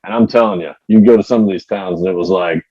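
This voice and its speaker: A man's voice: low voice, fast, dry recording, lo-fi sound. A man, a former wrestler, chatting as an interview guest in an emphatic, mouthy way. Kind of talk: casual interview chat.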